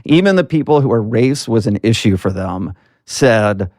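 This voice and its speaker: Alabama-raised guy on a podcast, lowish voice, dry close sound, lots of ums and i means. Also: expressive, normal speed, a little mellow, no room sound. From Alabama, US South. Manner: earnest storytelling with frequent fillers. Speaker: guest, political marketing strategist. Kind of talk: casual interview talk.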